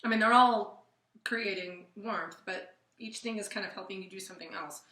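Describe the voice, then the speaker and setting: A woman singing teacher giving a casual vocal lesson, talking through warm-ups in a relaxed, chatty way with plenty of fillers and sung scales between. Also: mid-range voice, moderate pace, echoey room. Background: piano.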